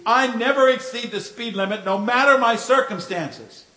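A man voicing a blustering husband who protests to a policeman and yells at his wife. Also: very high voice, normal speed, roomy sound. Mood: protesting. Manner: indignant, then yelling at his wife. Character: blustering middle-aged husband caught speeding.

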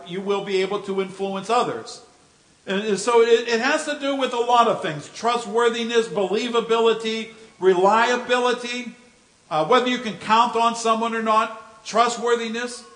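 A man's voice: sits high, a bit bright, reverberant, poor audio. A man preaching a sermon in a folksy, joking storytelling way. He often repeats words as he goes.

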